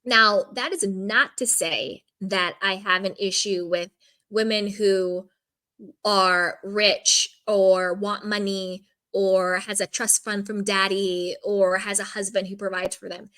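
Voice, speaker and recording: This woman comments on a reality show in a relaxed, blunt way, filling her speech with "like" and strong opinions. Her mid-range voice holds a steady tone, moving at a slow pace with a pushed, bright sound.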